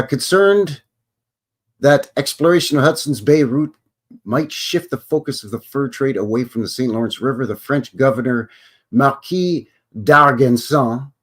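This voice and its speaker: Lively, joking Canadian man hosting a stream. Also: medium pitch. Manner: jokey asides, sarcastic, greets viewers. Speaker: host of a live history stream. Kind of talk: casual commentary while reading aloud.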